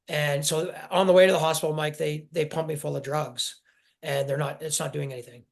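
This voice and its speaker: A man in his forties telling his personal story in an interview, halting and emotional, often restarting his sentences. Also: fairly high pitch, steady tone, creaky. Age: 40s. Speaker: guest.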